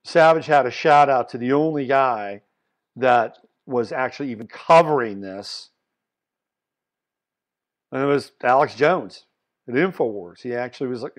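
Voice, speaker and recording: Blunt, animated man talking politics. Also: medium pitch. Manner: animated, blunt, swings between loud emphasis and muttered asides. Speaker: podcast host. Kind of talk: solo political commentary.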